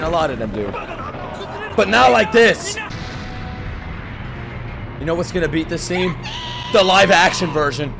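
A man streaming a live anime reaction, excitable and profane, often shouting out his reactions to the show. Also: fairly high pitch, gravelly. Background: anime soundtrack and music playing.

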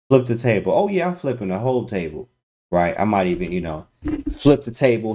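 A man streaming chess analysis to his chat in a casual, slangy way with sudden loud exclamations. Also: low voice. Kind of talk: casual livestream commentary.

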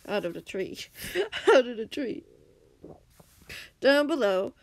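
A woman's voice: on the high side, big pitch swings, slow, no room sound. A woman reading her own fan story aloud, stumbling and laughing now and then. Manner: reads with slips and giggles, acts out shouted lines. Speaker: fanfiction reader.

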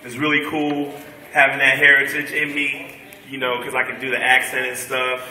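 A young male comedian chats with the audience during a college stand-up show, joking loosely in a mid-range voice with completely flat delivery at normal speed. The event hall sounds echoey and distant, with loud laughter and clapping from the crowd.

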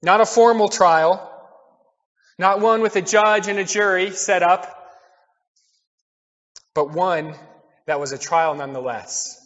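Male pastor, high voice, earnest sermon delivery with loud and soft swings; dull, reverberant church recording. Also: slow, long pauses. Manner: earnest preaching, swings between loud declarations and quiet asides.

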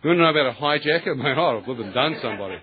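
A man giving a lively, colloquial testimony sermon, acting out the voices of others and laughing often. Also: mid-range voice, racing. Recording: tinny lo-fi, husky.

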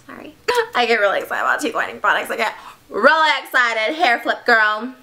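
A young woman vlogging an unboxing in a bubbly, excitable, gushing way. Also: a little high, fast talker. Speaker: beauty vlogger. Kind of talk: casual unboxing vlog.

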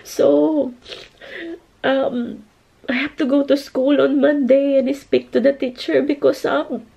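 A woman in her thirties vlogging casually to her viewers, halting and emotional, close to tears. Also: high-pitched, little pitch movement, gravelly, warm tone. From United Kingdom. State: crying. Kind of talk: casual family vlog.

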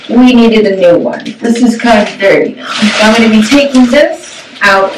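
A young woman with a fairly high voice reviews a shower curtain in a casual, upbeat vlog, chatting at normal speed with hardly any pauses and plenty of "um" and "like." She's a product reviewer filming in a small home bathroom, where the distant mic picks up echo and a noisy background.

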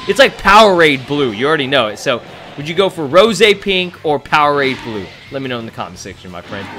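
A young man giving excitable gameplay commentary, swearing freely and shouting hype exclamations. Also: on the high side. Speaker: gaming YouTuber.

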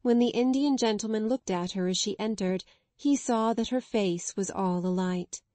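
A woman's voice: mid-range voice, dry recording. Woman narrating a classic children's novel. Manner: measured, expressive storytelling. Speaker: audiobook narrator. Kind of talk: scripted narration.

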